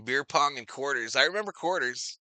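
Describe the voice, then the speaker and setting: His mid-range voice comes across as animated, fairly quick, pushed and bright as the middle-aged man runs a live watch-party stream. He chats casually, reads viewer comments aloud, repeats phrases, calls plays in real time and talks to chat as "y'all." No echo is present.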